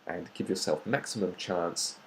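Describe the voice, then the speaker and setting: A man teaches a grammar lesson. He explains patiently and step by step, often pausing on an um before he goes on. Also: deep voice, slight background noise, low-quality recording. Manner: patient, explanatory, with frequent ums. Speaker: tutor.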